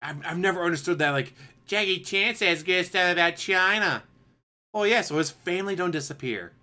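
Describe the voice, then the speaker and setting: A man's voice: high-pitched, normal speed, bright, forceful tone. A man streaming commentary, answering a clip with sarcastic, mocking rebuttals. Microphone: desk USB microphone.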